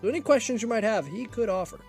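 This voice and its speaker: A man's voice: high voice, expressive, fast talker, a little mellow, husky, faint music behind. A man narrating a tabletop game as game master, in a laid-back, joking way.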